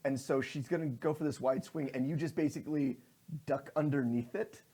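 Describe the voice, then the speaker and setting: A man narrating as game master of a tabletop game, lively, slipping into quick voices for his characters. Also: medium pitch, a little hiss or hum.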